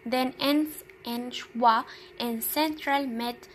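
A young woman student giving a slow, deliberate classroom presentation on pronunciation, repeating each example word. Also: on the high side, fairly even intonation, rough recording. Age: young adult.

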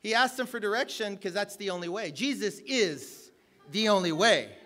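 A man preaching a sermon, energetic and joking, rising to shouts at the peaks. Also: high voice, moderate pace. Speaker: guest preacher.

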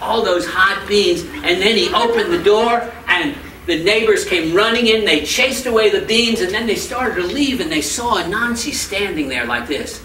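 A man telling a folk tale live to schoolchildren, animated and asking them questions, recorded from a distance. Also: normal speed. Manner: animated, asks the children questions, voices rise high in excitement. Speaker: storyteller and folk singer. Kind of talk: live storytelling for children. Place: school room with a child audience. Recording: echoey room from far off, noisy.

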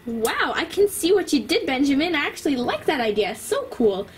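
A woman's voice: high voice, big pitch swings, moderate pace, a little hiss or hum. A woman playing a gushing art teacher. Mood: encouraging. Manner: coaxing, praising.

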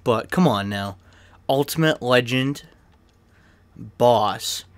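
A young man chatting casually while opening card packs in a video game, excitable and swearing freely, with a cough and an irritated throat. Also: medium pitch, slow pace, dry recording. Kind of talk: casual pack-opening commentary. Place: his bedroom.

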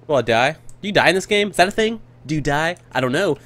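A man giving excitable let's play commentary, whooping, joking and swearing as he plays. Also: on the high side, fast talker, hardly any pauses. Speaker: gamer.

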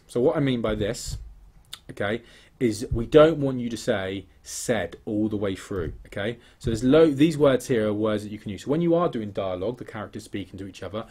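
A man teaching an English writing lesson over slides, explaining step by step, often checking in with "okay?" and "yeah?", his sentences trailing off quieter at the end. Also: on the low side, slightly rough. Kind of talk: recorded exam-prep lesson over slides.

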